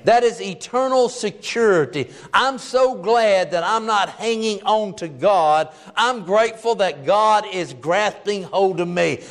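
A man preaching a sermon in a folksy, plainspoken way, stretching key phrases slowly for emphasis. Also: sits high.

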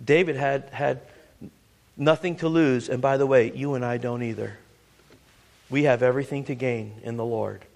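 A man's voice: medium pitch, steady tone, normal speed, gravelly. A man preaching a sermon, repeating words as he builds to emphatic points and reading scripture aloud in old-fashioned wording.

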